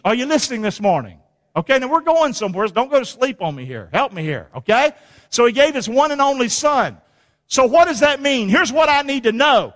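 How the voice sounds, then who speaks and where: A man's voice: extremely high pitch, very animated, moderate pace, fairly bright tone. A man preaching a sermon, emphatic and repetitive, calling on the congregation to repeat after him. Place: church sanctuary. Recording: long hall reverb.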